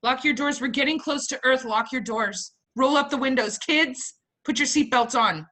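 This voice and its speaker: This is a frantic alien mother, put on by a woman, barking orders at her kids in a high, bright, cutting voice. She is bossy and panicked, hurrying everyone along. It sounds like a video call. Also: moderate pace. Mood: panicky. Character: frantic alien mother steering a UFO family.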